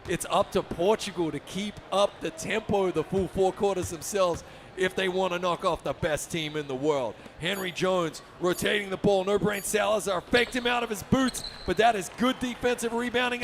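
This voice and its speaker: A man giving energetic, upbeat play-by-play for a basketball video game tournament, often shouting the big plays. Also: high voice, moderate pace, creaky, a little hiss or hum. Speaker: esports commentator.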